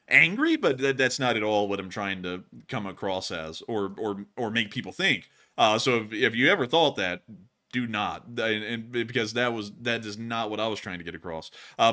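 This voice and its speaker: A young man answers a viewer on a live stream. His voice is bright, and he rambles with fillers and restarts. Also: mid-range voice. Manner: rambling, repeats himself, many fillers. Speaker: co-host.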